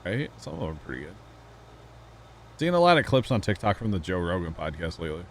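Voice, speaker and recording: Male streamer, deep low register, rambling casual banter with chat. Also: very animated, fast talker, slight background noise. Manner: rambling, chatty, talks to chat, laughs often. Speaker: livestream host. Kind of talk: casual chat while gaming.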